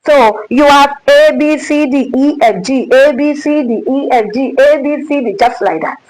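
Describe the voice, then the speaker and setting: A woman's voice: high voice, moderate pace, darkish tone, poor audio. A woman teaching a music lesson, speaking emphatically, repeating herself and quizzing her listeners.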